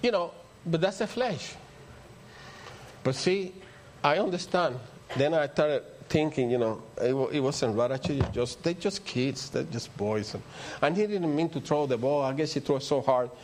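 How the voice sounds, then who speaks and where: A man's voice: on the high side, lively intonation, moderate pace, noisy background. An older man with a Spanish accent, a native Spanish speaker, preaching a rambling, story-filled sermon that builds to emphatic peaks. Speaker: pastor.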